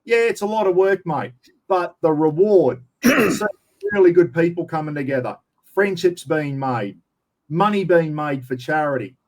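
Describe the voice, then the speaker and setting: As a casual interview guest, this Australian tells long, meandering stories at a moderate pace in a slightly high voice, saying "mate" all the time.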